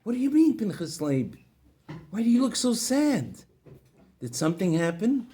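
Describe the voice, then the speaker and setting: A man's voice: sits high, big pitch swings, normal speed, dark tone, pitched above the performer's own voice. A man voicing a cheerful, kindly man who is always smiling, with upbeat, friendly greetings.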